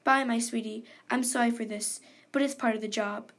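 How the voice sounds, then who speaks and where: A woman reading as a grandmother whose gentle, fairly high voice turns menacing, all soft endearments and slow, falsely sweet delivery. She sounds kind on the surface and sinister underneath, like a storybook villain. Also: fairly even intonation. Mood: creepy sweet.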